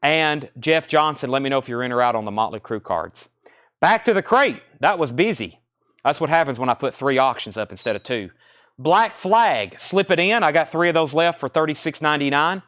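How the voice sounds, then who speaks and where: A man hosting a live record sale, briskly calling out bids and prices, out of breath. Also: on the high side, lively intonation, a bit bright, no room sound, clean studio sound. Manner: brisk, matter-of-fact auctioneer patter. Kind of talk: live sales stream, rattling off prices.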